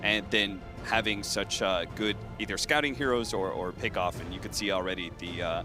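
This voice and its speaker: A man's voice: on the low side, moderate pace, music in the background. A man from Seattle, an esports analyst who breaks down plays in a talkative, analytical way. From Seattle, USA. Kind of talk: casual panel analysis.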